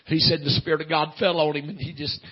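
Male preacher, husky gravelly voice, chants with gasped breaths, dull lo-fi recording. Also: fairly high pitch, level tone, quick pace. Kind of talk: revival sermon storytelling.

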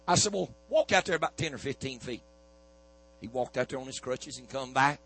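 A man's voice: medium pitch, expressive, fairly quick, fairly bright tone, rough recording. A man preaching a sermon, telling a healing story in a folksy back-and-forth of "I said, he said". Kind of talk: sermon testimony.

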